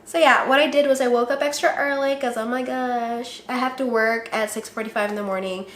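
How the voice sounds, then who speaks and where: A young woman talks to her viewers in a bubbly, chatty way, laughing easily and putting on little voices for the people she quotes. Her voice sits a little high. The room adds a noticeable echo. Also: steady tone, brisk, a bit bright, a little hiss or hum. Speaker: vlogger. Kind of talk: casual vlog chat. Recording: roomy echo.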